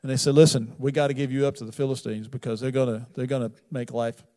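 A man preaching a sermon, retelling a Bible story with wry humor and big swings between loud emphasis and quiet asides. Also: medium pitch, little pitch movement, quick pace. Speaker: pastor.

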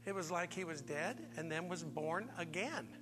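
Male pastor, higher pitched and bright, emphatic sermon delivery, in a long-reverb hall with faint music underneath. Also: lively intonation, normal speed. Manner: emphatic preaching with repeated rhetorical questions. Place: church sanctuary.

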